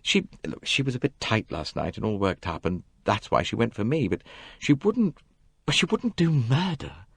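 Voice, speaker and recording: A man's voice: on the low side, sing-song, dry recording. A man doing a stammering, shaken young man. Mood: bewildered. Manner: stammering, halting. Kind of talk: audiobook character voice.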